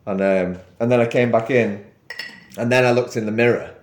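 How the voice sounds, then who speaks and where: A man's voice: medium pitch, fairly even intonation, normal speed, roomy sound. A young man telling a story on a podcast, rambling and laughing as he goes. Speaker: podcast co-host. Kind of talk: casual storytelling chat.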